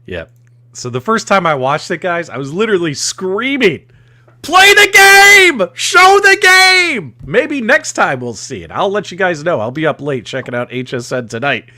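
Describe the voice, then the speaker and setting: A man hosting a gaming podcast, talking in an excitable, animated way. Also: a little high, fairly quick, dry recording. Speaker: podcast host. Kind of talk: casual chat.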